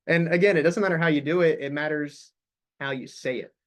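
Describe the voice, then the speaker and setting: A man's voice: a little high, steady tone, brisk. A young man leading a sales staff meeting, coaching the group with upbeat questions.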